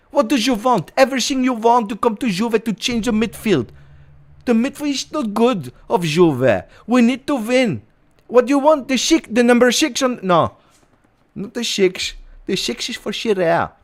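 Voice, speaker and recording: A man's voice: lively intonation, unhurried. A man putting on a pushy, pleading club recruiter. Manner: pleading, repetitive, high-energy sales pitch. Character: eager male club insider pitching a transfer.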